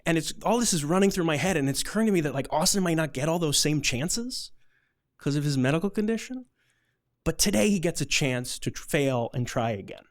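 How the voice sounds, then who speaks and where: A man's voice: a little high, lively intonation, brisk. A man telling a personal story on stage in a casual, chatty way, full of "like" fillers.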